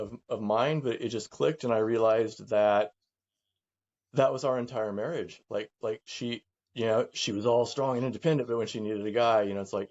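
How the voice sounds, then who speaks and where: A middle-aged man speaking candidly as a guest, halting and reflective, often repeating words as he works through his thoughts. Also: mid-range voice, darkish tone, muffled recording. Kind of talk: candid conversation.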